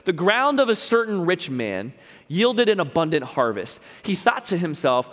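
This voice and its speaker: A man's voice: sits high, sing-song, moderate pace, in a large hall. A man preaching a sermon in an earnest, emphatic way, repeating key lines and adding playful asides. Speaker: pastor.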